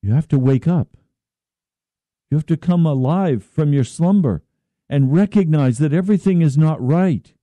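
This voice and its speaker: A man preaching a slow, earnest radio sermon as pastor, at times pleading in prayer. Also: fairly high pitch, warm tone, no room sound.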